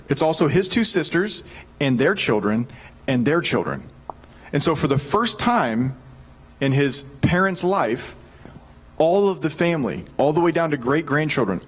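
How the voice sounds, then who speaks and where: A man, preaching a sermon in a casual, animated storytelling way and acting out what people said. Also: mid-range voice, low-quality recording. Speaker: pastor.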